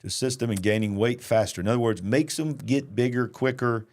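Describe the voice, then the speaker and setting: A preacher hosting a news commentary program talks fairly quickly in a medium-pitched voice. Animated throughout, he reads the news and follows up with forceful remarks.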